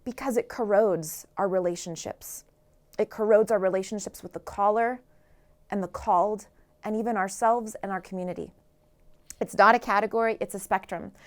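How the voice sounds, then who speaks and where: A woman author giving an earnest motivational talk, asking the listeners rhetorical questions. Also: on the high side. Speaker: author and speaker.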